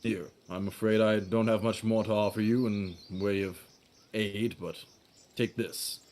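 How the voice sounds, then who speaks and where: A man voicing a humble, soft-spoken knight who talks quietly and gently. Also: fairly low pitch, steady tone, unhurried, slight background noise, lightly acted. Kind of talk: tabletop role-play voice.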